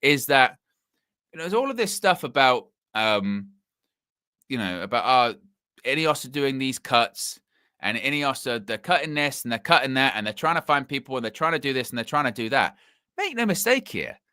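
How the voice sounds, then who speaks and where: A man's voice: medium pitch, normal speed, smooth, dry recording, studio quality. A man hosting a live fan stream, talking casually and at length with many fillers and restarts. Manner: rambling, animated, full of fillers and restarts. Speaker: host of a fan livestream.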